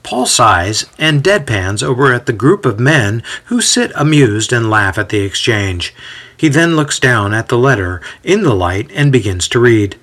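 A man giving a measured, scripted story narration. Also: medium pitch, expressive, a bit bright.

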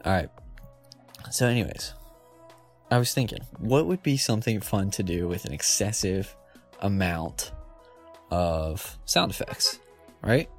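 Low-ish guy rambling and giggling thru a goofy bit, faint music behind. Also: animated, a little slow, long pauses. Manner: giggly, playful, restarts and self-corrects. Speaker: comedy podcast host. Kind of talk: rambling comedic monologue.

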